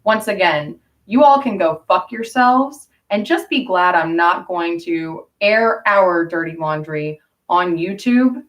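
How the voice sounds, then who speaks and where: A woman's voice: fairly low pitch, animated, slow, far from the mic. A woman vlogger, chatting casually on a livestream in a blunt, profane, rambling way.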